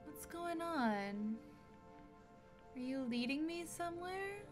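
Woman game streamer, high bright voice, slow unhurried talk, soft game music behind. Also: expressive. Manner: wondering, easily startled, gasping, thinking aloud. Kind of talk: casual live gameplay reaction.

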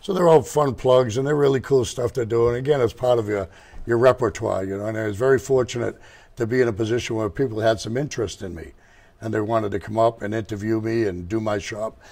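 An older man with a low, gravelly voice talks as a guest in an interview. He tells long stories about running his motorcycle shop, wandering off topic and restarting his sentences. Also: quick pace, a little mellow. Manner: rambling, digressive, restarts. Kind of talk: casual storytelling interview.

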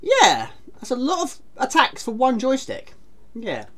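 A woman's voice: high voice, wildly swooping pitch, a little slow, a bit bright. A woman streaming a retro game, chatting casually, teasing herself and greeting viewers from chat. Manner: chatty, self-mocking, reads chat aloud.

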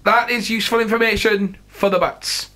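A man's voice: sits high, steady tone, normal speed, sharp tone, slight background noise. A man co-hosting a let's play, teasing and bantering in casual gaming chat.

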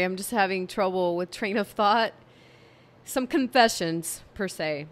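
A woman vlogging at home, talking to camera in a tired, low-energy, monotone way. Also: clear, resonant tone. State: fatigued. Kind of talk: casual talk to camera. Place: home room with candle and cats.

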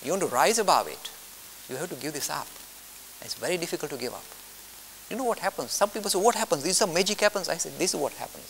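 A man's voice: fairly high pitch, sing-song, fast, vocal fry, pauses often, a bit bright. An older man giving a spoken lecture, blunt and emphatic, acting out his listeners' objections in mock voices and repeating his key points. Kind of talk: spoken lecture on spiritual discipline. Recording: long hall reverb with faint hiss.

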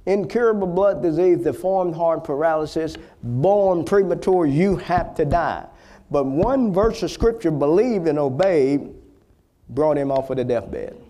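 A man preaching a healing sermon, emphatic and rising to loud, repeated exhortations, with frequent restarts. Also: a little high. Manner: restarts and stammers between phrases.

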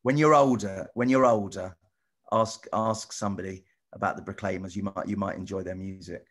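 A middle-aged man with a somewhat low voice chats with children over a video call. He rambles and halts, restarting his sentences again and again and padding them with "you know". The tone stays casual and friendly. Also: fairly even intonation, moderate pace, fairly bright tone. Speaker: celebrity guest answering children's questions.

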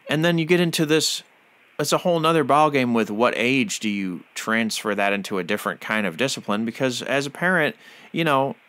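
A man's voice: mid-range voice, fairly bright tone, clean tone. A man hosting a podcast interview, who talks in a fervent, preachy way and often uses religious phrases. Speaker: podcast host.

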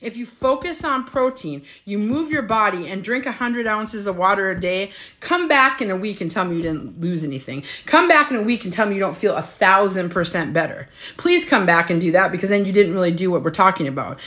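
A woman's voice: mid-range voice, lively intonation, brisk, hardly any pauses, fairly bright tone. Emphatic middle-aged woman coaching live. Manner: emphatic, repetitive, chatty, swears freely. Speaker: health and weight-loss coach. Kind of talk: motivational live stream talk.

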